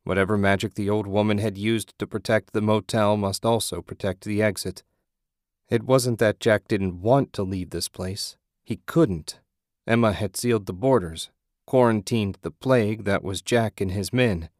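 A man giving steady, measured scripted narration of an audiobook. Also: lowish voice, dry recording, studio quality.

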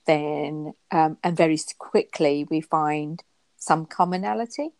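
Lower-voiced woman telling animated stories. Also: a little slow, vocal fry, no echo. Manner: animated storyteller, jumps high for quoted exclamations. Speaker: podcast co-host. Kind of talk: casual chat.

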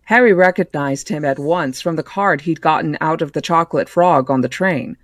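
A podcast host reading a novel aloud in a plain, measured way, with occasional stumbles. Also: medium pitch, fairly bright tone, no echo, clean studio sound.

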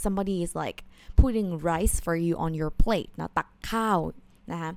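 Fast-talking woman teaching online. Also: medium pitch, dry recording. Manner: explains patiently, sprinkling in Thai polite particles. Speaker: Thai language teacher. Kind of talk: online language lesson.

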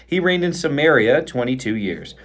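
Male pastor, expressive Bible reader, lively sing-song delivery, playful. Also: mid-range voice, moderate pace. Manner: expressive reading aloud, playful banter. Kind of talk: podcast Bible reading and chat.

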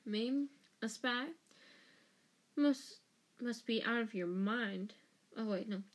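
Woman putting on a shrill cowardly wizard. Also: slow pace. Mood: shrill panicky. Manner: shrill, panicky, stammering. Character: squealing cowardly middle-aged male traitor wizard.

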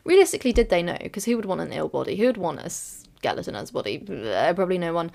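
A woman's voice: lowish voice, sing-song, fast talker, creaky, few pauses. A young woman hosting her own podcast, talking through her thoughts in a candid, rambling way with lots of fillers and self-corrections. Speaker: podcast host. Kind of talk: reflective solo podcast monologue.

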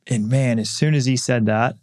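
In a studio-quality, dry recording, a middle-aged man who hosts a podcast and writes books speaks candidly and earnestly about personal matters. His medium-pitched, slightly mellow voice moves at normal speed, and he frequently restarts his thoughts.

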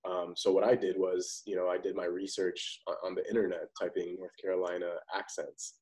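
A man guesting on a podcast, an actor describing his craft. His voice is very low, and he talks loosely and with confidence, in an easy conversational flow. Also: flat delivery, fairly quick, a little mellow, low-quality recording. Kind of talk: casual interview chat.

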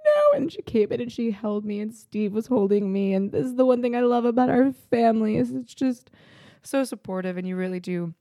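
A woman's voice: on the high side, brisk, dry recording, studio quality. A woman chatting casually as a podcast co-host, telling stories and laughing often. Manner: giggly, warm storyteller, laughs often. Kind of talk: casual chat.

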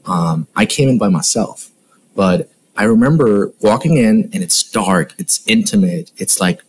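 A man with a German accent, a whisky co-founder chatting in a relaxed, enthusiastic way after a few drinks. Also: fairly low pitch, unhurried, slight background noise. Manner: relaxed, enthusiastic, a bit tipsy. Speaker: guest, whisky brand co-founder. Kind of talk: casual bar interview.

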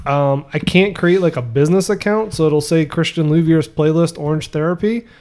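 A man's voice: on the high side, steady tone, normal speed, darkish tone. A man hosting a podcast, joking with his co-hosts and laughing often. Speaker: podcast host. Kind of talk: casual chat.

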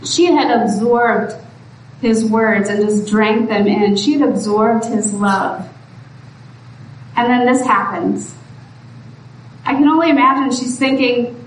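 A woman preacher with a fairly high voice delivers a sermon unhurriedly, her earnest pleading building into exhortation. She's recorded from a distance in an echoey room with faint background noise.

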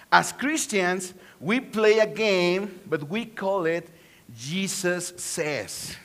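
In a church auditorium, a man from Mexico delivers a lighthearted sermon, trading jokes with the congregation. He is a pastor who speaks Spanish with a Mexican accent, and his high voice has a fairly bright tone.

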